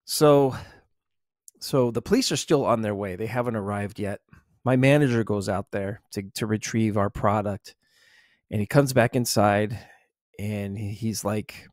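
A man narrating a true story for an ASMR channel, halting with fillers and repeated words. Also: on the low side, no echo, studio quality. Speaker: former store loss prevention officer.

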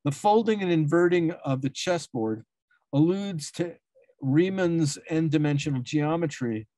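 An academic speaker gives a symposium talk, reading a prepared paper of dense prose and often stumbling over long words, correcting himself and restarting. His voice is on the high side and warm, with no echo.

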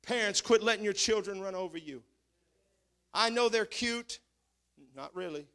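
A man with a high, bright voice preaches a fervent church sermon. He drives each point home and keeps calling out to the congregation for a response. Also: normal speed, smooth. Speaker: pastor.

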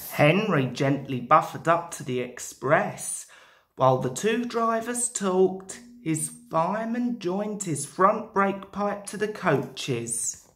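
A woman narrating a storybook in an expressive, measured way. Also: lowish voice. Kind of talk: storybook reading. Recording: roomy echo.

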